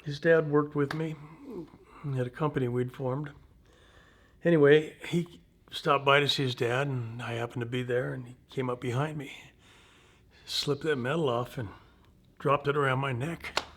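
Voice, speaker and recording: A man in his seventies, a veteran telling personal war stories in an interview, in an unhurried, halting, folksy way. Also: mid-range voice, steady tone, fairly bright tone. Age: 70s.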